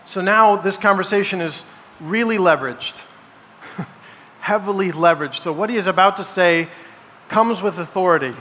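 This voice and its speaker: A male pastor with a high, forceful voice delivers a sermon to his congregation at a moderate pace, pausing often, stressing his points and asking rhetorical questions. A large church sanctuary gives long reverb, with a faint hum of background noise underneath.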